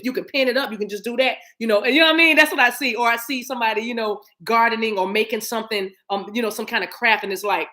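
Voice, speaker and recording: This spiritual reader, a middle-aged woman with an average female pitch, chats freely while reading cards. Full of energy and encouragement, she acts out moments using hums and small vocal sounds.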